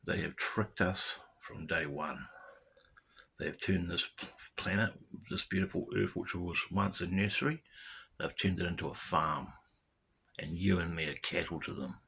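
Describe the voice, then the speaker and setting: A man from New with a low, husky voice, holding forth in a loose vlog monologue. He stumbles and repeats himself as he pushes his point, piling up rhetorical questions. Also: normal speed, pauses often, pushed and bright. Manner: ranting, repeats words, fires off rhetorical questions. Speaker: vlogger. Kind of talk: casual spoken monologue to camera.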